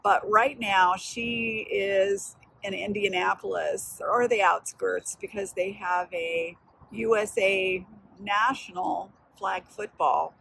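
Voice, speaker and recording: Gravelly-voiced older woman vlogging outdoors. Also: mid-range voice, fairly even intonation, slow, slight background noise, poor audio. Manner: warm, reflective, encouraging talk about family. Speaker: host. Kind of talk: casual vlog storytelling. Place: outdoors in a park, walking and resting. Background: music.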